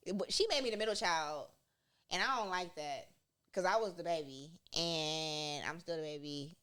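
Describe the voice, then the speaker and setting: A young woman hosting a casual podcast chat with her mother, talking in a lively, storytelling way and laughing often. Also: low-pitched, normal speed, clean tone. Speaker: podcast host.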